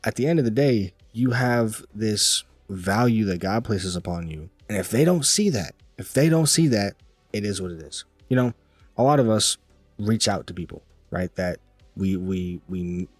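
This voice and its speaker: A man's voice: fairly low pitch, lively intonation, moderate pace, dry recording, soft background music. A man giving a casual, rambling faith-based pep talk, repeating himself and restarting sentences. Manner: rambling, repetitive, restarts often, laughs lightly. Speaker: motivational vlogger.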